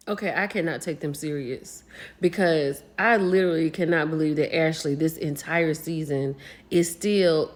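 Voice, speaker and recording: Woman, gossipy recap vlogger, animated, swooping pitch. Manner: animated, gossipy, acts out quotes. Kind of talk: casual recap commentary.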